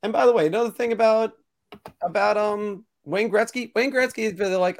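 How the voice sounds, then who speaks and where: A man hosting a casual sports talk show, ranting opinions in an animated way. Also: high voice, a little fast. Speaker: podcast host.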